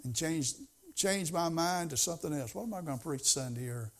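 A man's voice: fairly high pitch, expressive, fairly quick. Folksy preacher man. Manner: folksy, conversational preaching with rising emphasis. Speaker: pastor. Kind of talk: sermon.

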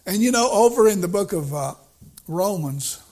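A man's voice: high-pitched, expressive, normal speed, darkish tone. A male preacher giving a sermon in a folksy, storytelling way, repeating his points for emphasis.

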